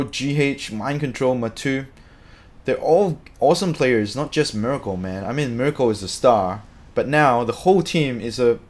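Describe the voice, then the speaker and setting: Male streamer, casual live chat, excitable, chatty, mid-pitched voice. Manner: excitable, chatty, drops filler "man". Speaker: streamer reading viewer comments.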